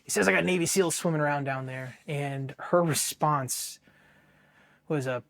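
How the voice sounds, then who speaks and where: A man in his thirties with an American accent tells his own story to an interviewer. His voice sits a little high for a man. He talks bluntly, swears freely, restarts his sentences often and acts out what others said to him. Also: a little slow, gravelly, fairly bright tone. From Ohio, United States. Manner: blunt, profane, with many restarts and quoted dialogue. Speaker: Marine veteran guest.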